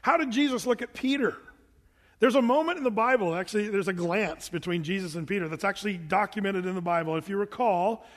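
A man's voice: high-pitched, fairly quick, a bit bright, big-room sound. A man preaching a casual, joking sermon, acting out the people in his stories. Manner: informal, joking asides, acts out the people in the stories. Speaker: pastor. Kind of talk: conversational sermon.

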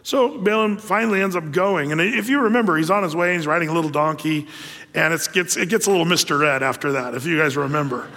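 A man with a notably high voice preaches a folksy, humorous sermon, retelling scripture with plenty of fillers along the way. His words ring out with the long reverb of a large hall. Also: fast, sharp tone. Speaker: pastor.

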